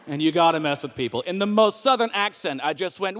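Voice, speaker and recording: A man's voice: brisk, a little hiss or hum. A man in his thirties performing a stand-up comedy set on a club stage, telling family stories and jumping into voices for the people in them. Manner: animated storyteller, jumps into high voices for characters. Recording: long reverb of a hall.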